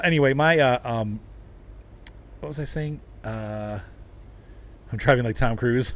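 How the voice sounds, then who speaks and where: A game streamer drives a truck in a game while chatting casually with viewers, rambling and laughing a lot. His voice is on the low side, with a little background noise.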